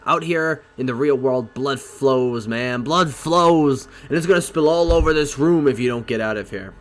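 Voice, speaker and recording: Desperate, unstable hostage taker, loud and agitated, a man acting him out a bit higher than his own voice. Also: moderate pace, soft background music, lightly acted. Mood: agitated threatening. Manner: shouting, agitated.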